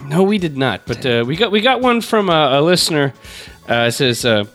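A man's voice: fairly high pitch, very animated, a little fast, a bit bright, soft background music. A man hosting a podcast in casual chat, rambling and joking with many fillers. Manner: rambling, jokey, lots of fillers. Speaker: podcast host.

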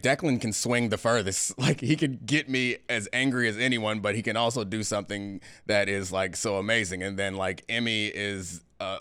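Deep, smooth-voiced man host. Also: bright, forceful tone, no room sound. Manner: reflective, hesitant, many fillers. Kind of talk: casual chat.

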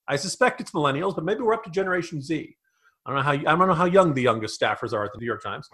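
Animated sardonic male podcast co-host. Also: fairly high pitch, breathy edge. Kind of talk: political commentary chat.

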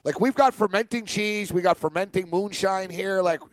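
Guy rambling thru a story on sports radio, kinda high voice, lots of uhs. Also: moderate pace, no room sound. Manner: rambling storyteller, many fillers and restarts. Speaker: radio show co-host. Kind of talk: casual sports radio banter.

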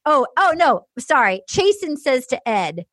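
A woman's voice: sits high, big pitch swings, measured pace, a bit bright, no room sound, clean studio sound. A woman hosting a comedy podcast, recapping casually and acting out quotes in exaggerated voices. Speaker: podcast host.

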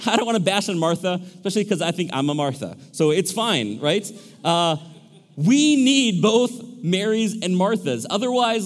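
A male pastor preaching a sermon in a lively, animated way, acting out characters with shifting voices. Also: sits high. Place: large church hall. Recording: echoey church hall.

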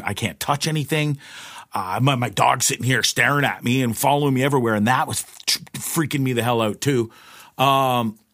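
A man's voice: medium pitch, dry recording, clean studio sound. A middle-aged man hosting a podcast, telling a personal story in a loose, profane monologue with frequent laughs. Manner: animated, profane, laughs often, voices others in quotes. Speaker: podcast host.

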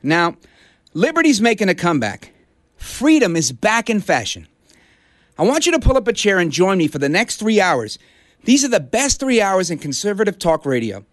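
A middle-aged man from Brooklyn fills in as a talk radio host, rallying his listeners. His voice sits a little high and swings widely in pitch. The studio sound is dry and close. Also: big pitch swings, normal speed, no room sound. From Brooklyn, New York. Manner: impassioned, rallying. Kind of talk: conservative talk radio monologue. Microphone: studio broadcast mic.

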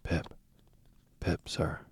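A man voicing a frightened small boy who pleads timidly in a hushed voice. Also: very slow, no echo, whispered. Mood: terrified.

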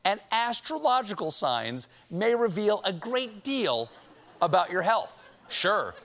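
A man's voice: sits high, big pitch swings, slow, a bit bright. A man hosting a late-night show, delivering a comedic monologue with punchy jokes and sarcastic asides. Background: studio audience laughing.

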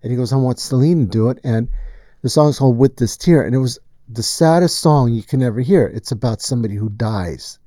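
A man's voice: medium pitch, a little fast, no echo. A man who produces music, telling a studio story in casual chat and acting out the lines he quotes. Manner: animated storyteller, acts out quotes.

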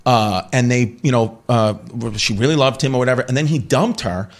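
Speaking at normal speed with a medium-pitched voice, a forties-aged male comedian tells a talk-show story. He wanders, interrupts himself, and bursts into laughter and impressions of the people he describes.

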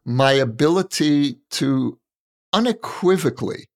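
A man's voice: mid-range voice, lively intonation. Earnest man in his sixties. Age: 60s. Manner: earnest, searching, measured. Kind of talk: reflective conversation. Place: Israel.

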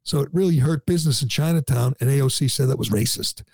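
A man's voice: mid-range voice, quick pace, darkish tone, breathy edge, dry recording. A man hosting a talk show, ranting in an indignant, sarcastic way. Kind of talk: opinionated talk radio chat.

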